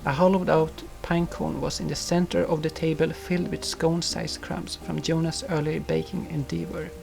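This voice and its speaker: A man narrating a storybook in a gentle, unhurried manner. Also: a little high, level tone. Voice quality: gravelly. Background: soft guitar music.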